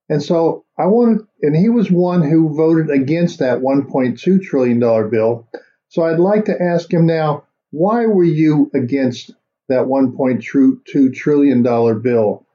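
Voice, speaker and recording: A man's voice: on the high side, mellow. A man hosting an unscripted political commentary show, rambling through his points and questioning a guest. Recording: dull lo-fi audio.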